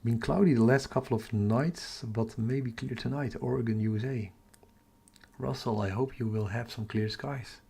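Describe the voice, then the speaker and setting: Warm, husky, and creaky, this mid-range male voice with a Dutch accent speaks at a normal speed. He's an astrophotography livestream host from the Netherlands, casually reading comments, chatting with viewers, and muttering to himself while tracking captures.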